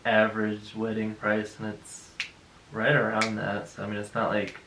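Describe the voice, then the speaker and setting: Relaxed man, echoey room. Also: fairly low pitch, normal speed, background noise. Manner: relaxed, filler-heavy. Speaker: co-host, groom. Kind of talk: casual chat. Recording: roomy sound with faint music.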